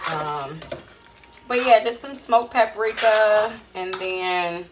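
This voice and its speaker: A chatty woman hosting a casual cooking stream from her home kitchen, her talk loose and preachy as she cooks. Her voice sits a little low, with faint hiss and small clicks behind it. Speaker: cooking show host.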